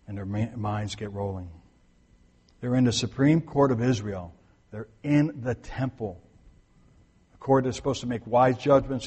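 Husky-voiced man preaching in a reverberant hall. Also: fairly low pitch, darkish tone. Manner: conversational, repeats points for emphasis; restarts and corrects himself mid-sentence. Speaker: pastor. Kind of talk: sermon.

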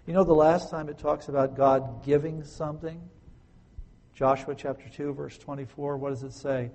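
A man's voice: fairly high pitch, steady tone, normal speed, gravelly, darkish tone, in a large hall. A male preacher giving a sermon, speaking emphatically and asking rhetorical questions. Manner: emphatic, rhetorical questions, dramatic scripture quoting.

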